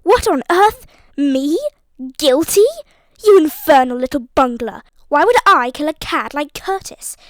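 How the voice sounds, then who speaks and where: A brash, scornful young upper-class man , as a woman puts him on blusters and mocks at full volume. The voice sits fairly high and is recorded dry and close. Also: moderate pace, no echo, close to an everyday voice. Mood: blustering. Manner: loud, blustering and mocking.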